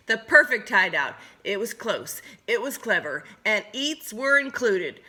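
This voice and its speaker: A woman teacher reading a picture book aloud to children, with expressive, animated storytelling. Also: medium pitch, a little slow, few pauses, husky.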